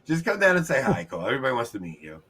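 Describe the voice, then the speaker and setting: Bright-voiced Long Island host. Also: male voice, medium pitch, wildly swooping pitch, breathy edge. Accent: Long Island New York. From New York, United States. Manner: upbeat, chatty, laughs often, quick asides to the chat. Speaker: trivia show host. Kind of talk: casual livestream game hosting. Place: his home.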